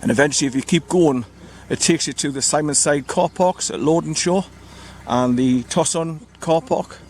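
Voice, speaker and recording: A man's voice: fairly high pitch, normal speed, a little mellow, a little hiss or hum. Chatty man vlogging outdoors. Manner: chatty, rambling, spells out place names. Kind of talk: casual walking vlog narration. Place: outdoors beside a parked car in countryside.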